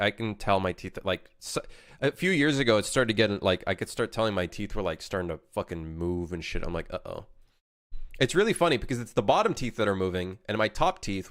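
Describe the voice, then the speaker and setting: A man's voice: lowish voice, fairly bright tone, no echo, studio quality. A man streaming as a game developer, chatting casually, rambling and swearing freely. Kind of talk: casual live-stream chat.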